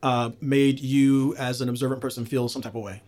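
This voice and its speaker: A man's voice: mid-range voice, level tone, brisk, darkish tone. A man hosting a casual conversation, chatty and self-deprecating, with frequent fillers and restarts. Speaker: podcast host and teacher. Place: in the Gulf region.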